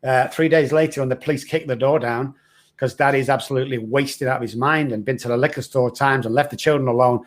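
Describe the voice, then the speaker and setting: Talking fast in a mid-range voice with fairly even intonation, this middle-aged podcast guest, a recovery expert, candidly shares the hard story of his own life. He comes across as earnest, raw, and frank.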